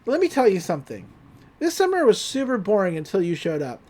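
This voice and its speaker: An easygoing teenage girl who talks in a relaxed, slangy way, as a woman puts her on while recapping a cartoon. Her voice bounces lively up and down, friendly and reassuring. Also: medium pitch, brisk.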